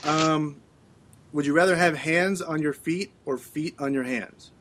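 A man's voice: fairly high pitch, unhurried, a bit bright, a little hiss or hum. A middle-aged man hosting a casual chat, playfully reading out questions and laughing often. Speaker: podcast co-host.

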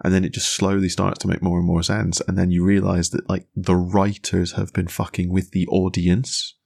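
A young man with a very low, gravelly voice co-hosts a casual podcast chat. He rambles enthusiastically, full of fillers and restarts. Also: level tone, moderate pace, a little mellow. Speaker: podcast co-host.

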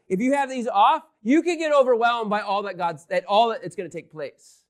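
A man teaching a Bible lesson, excitable, swinging between loud emphasis and hushed asides. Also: sits high, fairly quick.

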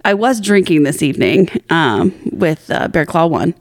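A podcast co-host, a woman with a low voice and lively intonation, tells a long, rambling story in casual chat, swearing a lot and mocking herself. She speaks at normal speed, and the studio-quality recording has no echo.

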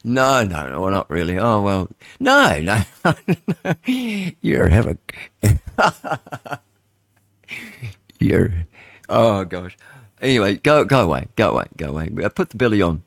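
Older Kiwi man hosting talk radio, fairly low voice, dry studio sound, rambles and thinks aloud. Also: lively intonation, normal speed, gravelly, no echo. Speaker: radio host. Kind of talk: casual radio chat, reading headlines aloud.

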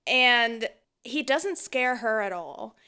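A woman co-hosting a podcast, telling a story in casual chat, animated and often laughing as she acts out what people said. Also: medium pitch, measured pace, clear, resonant tone. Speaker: podcast co-host.

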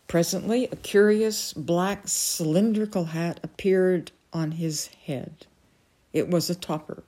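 Slow, mellow woman reading a novel. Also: lowish voice, steady tone. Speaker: storyteller.

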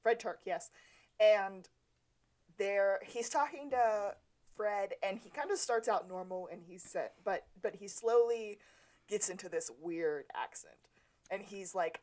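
A woman's voice: mid-range voice, a little slow, a little mellow. A woman co-hosting a podcast in casual chat, rambling in a friendly way and talking straight to the listeners. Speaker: podcast co-host.

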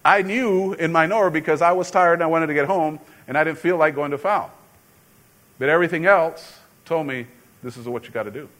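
A middle-aged man, a pastor, preaching a sermon in a conversational, storytelling way with sudden loud emphasis. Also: on the high side, fairly quick.

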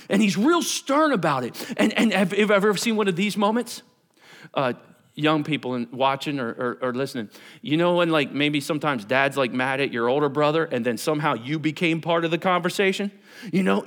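A man preaching a sermon to his congregation, animated and conversational, acting out Bible characters in everyday voices. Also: high-pitched, a little fast. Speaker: pastor.

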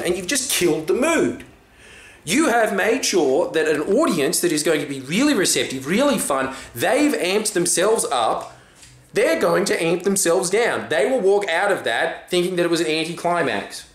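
A man's voice: on the high side, animated, brisk, roomy sound. A young man, a stand-up comedian, talking in a brash, swearing, casual monologue. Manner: brash, swearing, acts out quoted voices. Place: room with green backdrop.

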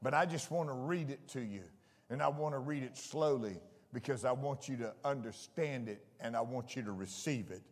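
A man preaching a fervent sermon to his church, shouting out exclamations. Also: mid-range voice, normal speed. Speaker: pastor. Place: church sanctuary. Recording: echoey church hall with congregation.

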